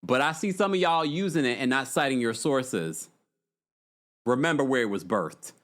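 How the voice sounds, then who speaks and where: A man's voice: medium pitch, expressive, normal speed, background noise. A man hosting a casual livestream recap, chatting and reading viewer messages aloud. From United States. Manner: chatty, reads viewer super chats aloud. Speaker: podcast host.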